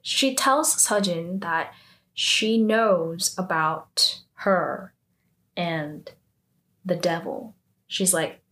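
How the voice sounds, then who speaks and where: A woman's voice: fairly low pitch, very slow, a bit bright. A woman giving a casual drama recap, chatty and full of "like" fillers, breaking in with indignant comments on the characters. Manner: chatty, filler-heavy with frequent "like".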